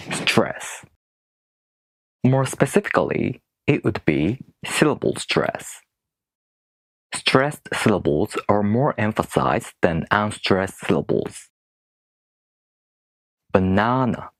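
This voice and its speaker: A man whose first language is not English, teaching in a video lesson with rhetorical questions and slow, careful demonstrations of word stress. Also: on the low side, no echo. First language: non-English speaker.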